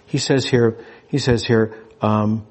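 A man preaching a sermon in a relaxed, conversational way, often restarting phrases and chuckling as he goes. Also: lowish voice, slow.

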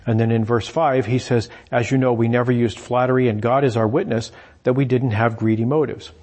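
A man's voice: medium pitch, steady tone, fairly quick, darkish tone. A man preaching a sermon in a conversational way, paraphrasing scripture and often repeating words as he restarts his sentences.

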